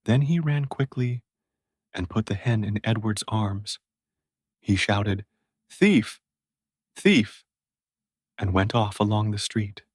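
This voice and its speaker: A man narrating a classic story for English learners. His voice is low and husky, and he reads at a slow, careful pace. The recording is close and dry. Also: no echo.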